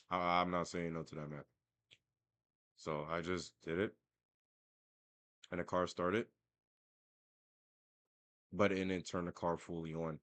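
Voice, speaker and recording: A man's voice: deep voice, a bit bright, no echo. A young man telling a story as a casual, profane, self-mocking rant. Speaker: vlogger.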